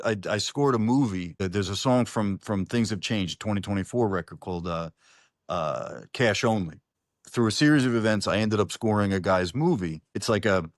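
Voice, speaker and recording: A singer-songwriter talking in a casual online interview, rambling with many restarts and some swearing. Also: male voice, fairly low pitch, no room sound, studio quality. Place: New Orleans-based. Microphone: online interview call.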